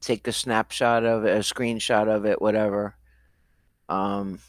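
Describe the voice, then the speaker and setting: A man giving viewers casual, slow, deliberate instructions. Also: lowish voice, flat delivery, no echo, clean studio sound.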